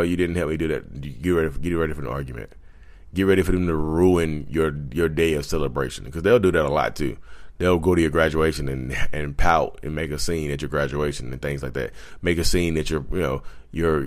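Deep-voiced rambling man with drawl. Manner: rambling, repeats himself, blunt and profane; addresses viewers as y'all. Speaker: YouTuber talking about narcissism. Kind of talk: casual vlog monologue. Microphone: handheld USB microphone.

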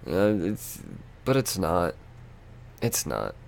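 A man hosting a solo podcast, ranting in a frustrated, profane way with lots of halting restarts. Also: low-pitched, big pitch swings, creaky, slight background noise. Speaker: podcast host.

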